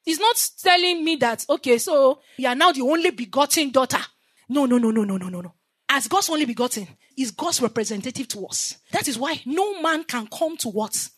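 A woman's voice: high voice, lively intonation, a little fast, hardly any pauses, a bit bright. A woman preaching a sermon, teaching emphatically with repetition and call-and-response, leaving scripture lines for the listeners to finish.

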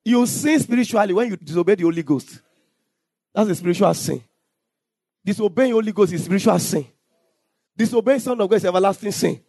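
High-voiced pastor preaching. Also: male voice, brisk, long pauses, no room sound. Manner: preaching with scripture readings, some shouted lines and sung phrases. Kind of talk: sermon.

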